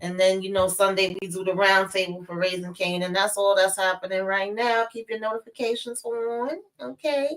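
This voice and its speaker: A woman's voice: medium pitch, flat delivery, a little fast, few pauses, fairly bright tone, rough recording. Chatty woman plugging her shows. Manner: chatty, sing-song sign-off plugs. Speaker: guest reviewer. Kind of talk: casual live-stream chat.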